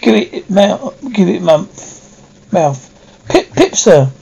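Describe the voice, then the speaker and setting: A man reading as a menacing rough convict. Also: high-pitched, big pitch swings, takes it slowly, dark tone, heavily acted, low-quality recording. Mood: threatening. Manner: threatening, gruff commands.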